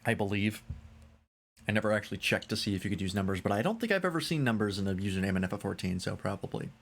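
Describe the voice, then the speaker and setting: Male streamer, casual musing commentary, animated delivery. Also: on the low side, fast talker, creaky. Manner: musing, chatty asides. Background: game music.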